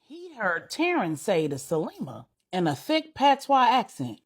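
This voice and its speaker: A woman storyteller reading an adult bedtime story with dramatic, animated delivery. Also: medium pitch, unhurried, few pauses, husky.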